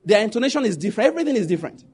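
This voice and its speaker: Husky Nigerian man telling stories. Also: high-pitched, racing. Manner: animated, laughs while telling stories, jumps into pidgin quotes. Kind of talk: casual storytelling monologue.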